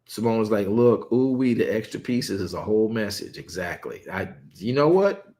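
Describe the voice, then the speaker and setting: A man preaching a lively Sabbath study on a livestream, repeating words and adding playful asides. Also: on the low side, moderate pace. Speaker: pastor leading online Sabbath study. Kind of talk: lively sermon and livestream chat.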